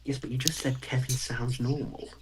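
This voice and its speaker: A man's voice: mid-range voice, flat delivery, moderate pace, background noise. A British man from the United Kingdom chatting casually with dry, teasing humor. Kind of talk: casual chat.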